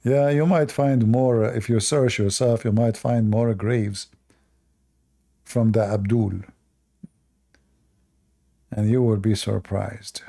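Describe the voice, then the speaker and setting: Gravelly, mocking male streamer. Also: lowish voice, fairly even intonation, slow, pauses often, mellow. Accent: non-native English. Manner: mocking, sarcastic asides. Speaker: live debate streamer. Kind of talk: casual livestream talk.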